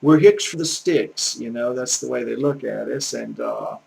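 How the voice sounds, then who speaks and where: Gravelly older Southern man. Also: mid-range voice, moderate pace, a little mellow, rough recording. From American South, Gulf Coast. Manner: folksy, earnest, preachy storytelling. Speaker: YouTube language teacher. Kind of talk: casual rambling monologue.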